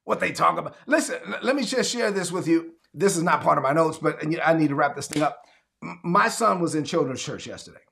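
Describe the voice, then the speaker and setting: Male pastor, high gravelly voice, preaches with animated acted-out dialogue. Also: a little fast. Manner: animated, acts out conversations in his own voice; calls for audience responses. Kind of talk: sermon.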